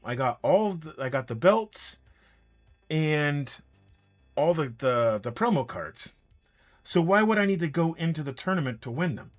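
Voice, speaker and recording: A man casually telling a long anecdote during a painting stream, acting out what each person said. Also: medium pitch. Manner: animated anecdote, quoting others in dialogue. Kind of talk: casual storytelling while painting miniatures. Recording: faint music in background.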